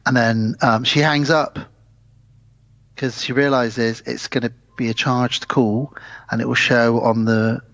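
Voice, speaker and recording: A man recounts a film plot in casual podcast chat, telling it in a lively way. The recording is dull and dry, with a plain mid-pitched voice. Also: a little slow, dry recording. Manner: animated storytelling. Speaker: podcast co-host.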